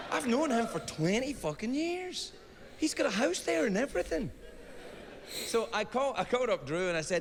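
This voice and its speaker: A middle-aged man with a high, sing-song, slightly bright voice performs stand-up comedy before an audience, speaking a little slowly and pausing often. He's a rambling storyteller who keeps sidetracking himself and slipping into silly voices. The live stage recording has long reverb and a little hiss or hum.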